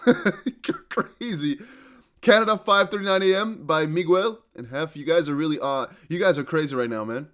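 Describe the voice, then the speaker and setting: A man hosts a live crypto stream in an excited, hype-driven way, breaking into laughs and chanted lines. His voice sits a bit high and swings widely up and down. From Netherlands.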